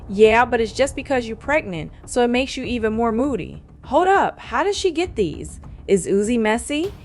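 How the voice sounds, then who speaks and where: A woman's voice: a little high, a little hiss or hum. Sassy woman narrating celebrity gossip. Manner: sassy, dramatic, slangy. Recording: faint music bed behind voice.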